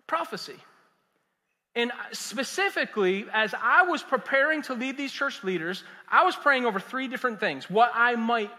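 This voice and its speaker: A man, a pastor preaching a sermon in an animated, conversational and humorous way. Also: very high-pitched. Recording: echoey hall.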